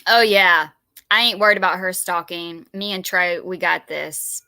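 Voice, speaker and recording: A woman's voice: fairly low pitch, normal speed, pushed and bright, no echo. A woman hosting a live stream, reacting to videos with incredulous, chatty asides to her viewers.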